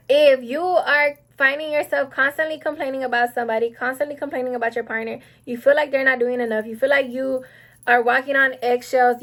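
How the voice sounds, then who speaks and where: Young woman yapping while she does her makeup, kinda high voice, keeps getting sidetracked. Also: fairly bright tone. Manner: chatty, rambling, gets sidetracked. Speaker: beauty vlogger. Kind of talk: casual get-ready-with-me chat.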